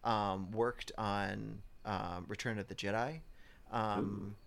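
A man co-hosting a casual movie review podcast, hesitant with many pauses and fillers. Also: lowish voice, fairly even intonation, creaky, fairly bright tone. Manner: hesitant, many ums, looks things up. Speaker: podcast co-host. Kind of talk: casual film review chat.

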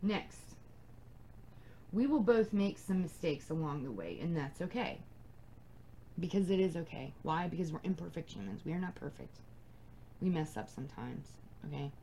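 A woman's voice: sits low, expressive, normal speed, creaky, pauses often, warm tone, a little hiss or hum, poor audio. A young adult woman hosting a casual advice podcast, talking bluntly and emphatically and swearing freely. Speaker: podcast host.

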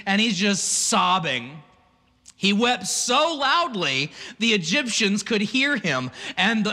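A man preaching in a lively, chatty way, breaking into asides. His voice sits high and bright. A long reverb trails each phrase, as in a big hall. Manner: animated, conversational preaching with asides and laughs. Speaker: pastor. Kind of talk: sermon.

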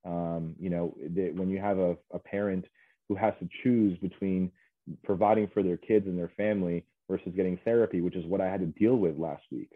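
A man speaking as a guest in an interview, earnest and halting, with many fillers and restarts. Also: sits low, fairly even intonation, no echo. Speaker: guest, mental health specialist. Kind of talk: casual interview chat. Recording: dry, tinny phone-like line.

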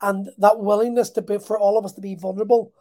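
A man telling a personal story in an emotional, halting way, often repeating words as he restarts his sentences. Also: high voice, level tone, dark tone.

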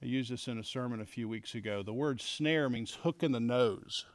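A middle-aged man teaching a Bible lesson to men, animated and acting out quoted lines. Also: medium pitch, moderate pace, no echo. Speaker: men's leadership teacher.

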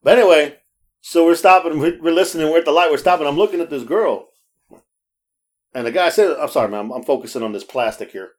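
Laughing, animated male storyteller, fairly high. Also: a little fast. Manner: swears freely and acts out the voices of people he quotes. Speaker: podcast co-host. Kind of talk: casual storytelling chat.

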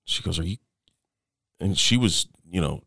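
A middle-aged man speaks in an extremely low, gravelly voice. He tells his story haltingly, full of restarts and fillers, and often drops to a quieter level. The sound is dry and close. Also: expressive, dry recording. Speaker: interview guest. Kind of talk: personal storytelling in conversation.

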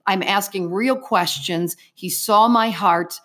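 A middle-aged woman speaks as an interview guest, sharing her personal faith testimony. She tells it earnestly and vividly, slipping into the present tense. Her voice sits at an ordinary middle pitch. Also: slow, a bit bright.

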